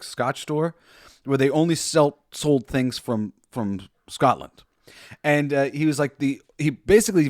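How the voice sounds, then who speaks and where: A man's voice: mid-range voice, no echo, studio quality. A young man hosting a casual solo podcast about a film, rambling and enthusiastic, with many restarts and frequent laughs. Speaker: podcast host.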